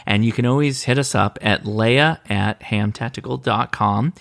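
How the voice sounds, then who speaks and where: Podcast co-host, male, gravelly tone, easygoing chat that circles and backtracks. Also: medium pitch, normal speed, fairly bright tone. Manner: rambling, self-correcting. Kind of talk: casual chat.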